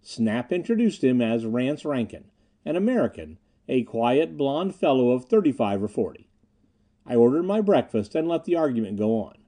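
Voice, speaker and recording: A man reads an old adventure story aloud, expressive and measured. His voice is very dark and mellow, with a lively, rolling melody. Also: mid-range voice. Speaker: audiobook narrator. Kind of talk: scripted audiobook narration.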